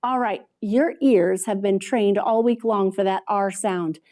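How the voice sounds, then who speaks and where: A woman modeling a phonics lesson for children over a video call, drawing out word sounds slowly and praising often. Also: mid-range voice, warm tone. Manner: slow, drawn-out sounding out of words with frequent praise. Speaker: reading teacher.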